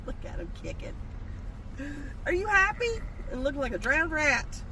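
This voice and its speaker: A woman's voice: sits high, very animated, moderate pace, noisy background. A woman outdoors on a farm, talking casually to her animals in cooing baby talk and laughing often, recorded on a handheld phone. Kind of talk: casual chat.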